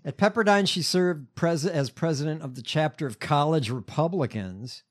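A man co-hosts a casual chat, reading out facts and pausing on fillers as he goes. His voice sits slightly higher than most men's. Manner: reads out background facts, hesitant fillers. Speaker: podcast co-host.

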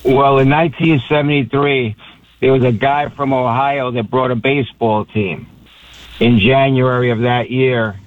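A man's voice: medium pitch, steady tone, unhurried, no echo. Passionate man on a tinny phone line. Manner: passionate, rambling, with many restarts. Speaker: radio call-in guest. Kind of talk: emotional phone interview.

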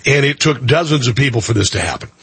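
A man's voice: medium pitch, animated, quick pace, a bit bright, breathy edge, no room sound. A man hosting a talk radio show, giving blunt, rambling commentary full of restarts and filler words.

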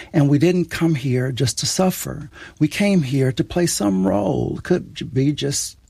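Man, raspy, slightly breathy, earnest, reflective storytelling, radio interview, dry sound. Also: fairly high pitch, darkish tone, dry recording. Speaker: writer, interview guest.

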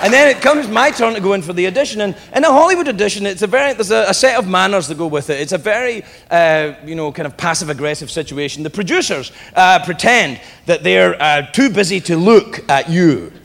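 A man's voice: sits high, lively intonation, a little fast, gravelly, few pauses, fairly bright tone, long reverb tail. A man performing a stand-up comedy set, telling stories animatedly, swearing and acting out characters. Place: comedy club stage before a laughing audience. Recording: live audience noise and crowd laughter.

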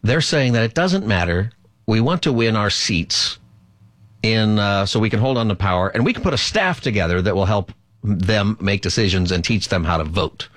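A man's voice: fairly low pitch, animated, moderate pace, a bit bright, no room sound. A man hosting a political talk radio show, giving opinionated commentary with many fillers and asides.

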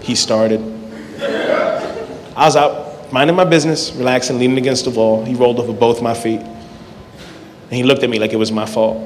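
A man's voice: mid-range voice, steady tone, moderate pace, pauses often, slight background noise. A man performing a stand-up set in a comedy club, telling absurd stories in a laid-back way and acting out both sides of the dialogue. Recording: live venue with long reverb.

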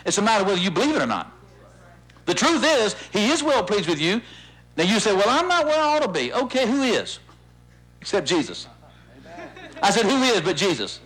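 A man preaching as pastor, leading his congregation in repeating lines, animated and insistent. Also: normal speed, long pauses, slightly rough. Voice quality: animated, swooping pitch when stirred. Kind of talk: sermon with call-and-response.

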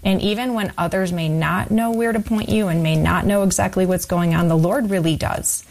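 A woman co-hosting a faith radio show, offering encouragement in a measured, reflective way. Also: on the low side, steady tone, creaky, darkish tone.

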